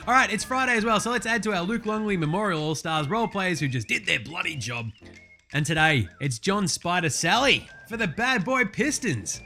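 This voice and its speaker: An Australian man hosting a casual sports chat, excitable and full of profane, matey banter. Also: high voice, a little fast, soft background music. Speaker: sports show host.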